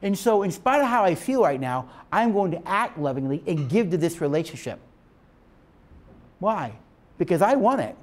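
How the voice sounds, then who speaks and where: Brief: male marriage teacher, preacher-like lecture, higher voice, very animated pitch. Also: moderate pace. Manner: emphatic, preacher-like, asks the class questions. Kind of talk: lecture to couples.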